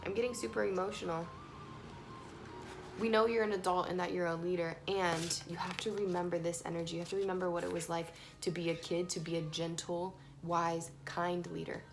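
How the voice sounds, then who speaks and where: A woman giving a casual, emphatic tarot reading, swinging between soft and loud. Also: on the low side, little pitch movement, a little fast. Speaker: tarot reader. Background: faint playlist music.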